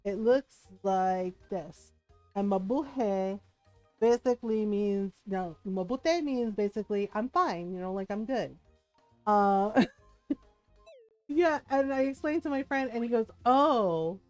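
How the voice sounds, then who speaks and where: A woman's voice: mid-range voice, a little slow, warm tone, dry recording, soft background music. A woman game streamer chatting casually, telling a story with frequent giggles. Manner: giggly storytelling, laughs often. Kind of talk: casual chat while streaming.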